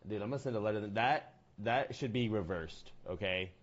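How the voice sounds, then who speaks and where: A man's voice: fairly low pitch, normal speed, lo-fi sound. A young man streaming games, chatting casually in a rambling, slangy, joking way. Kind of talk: casual gaming stream chat.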